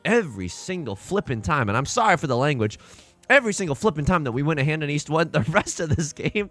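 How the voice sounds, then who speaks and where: A young man giving casual, self-mocking commentary over a mahjong game, jokey and animated. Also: fairly high pitch, brisk, faint music behind. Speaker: mahjong streamer. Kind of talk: casual let's-play commentary.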